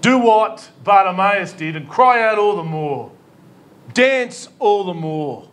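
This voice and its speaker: A man's voice: sits high, lively intonation, slow pace, fairly bright tone. A man with an Australian accent, a pastor preaching a sermon in an emphatic, pleading way, with rhetorical questions and humor. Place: church hall.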